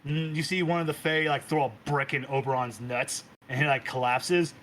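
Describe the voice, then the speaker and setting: A man narrating a tabletop role-playing game as game master, animated and laughing. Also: medium pitch, moderate pace, slight background noise, poor audio.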